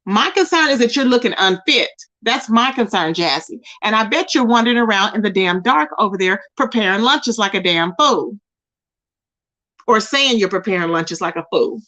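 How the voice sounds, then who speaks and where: Speaking at a moderate pace, a woman with a medium-pitched, pushed, bright voice animatedly scolds someone on her own commentary channel. She's confrontational and keeps using the person's name, and the recording sounds dull and lo-fi.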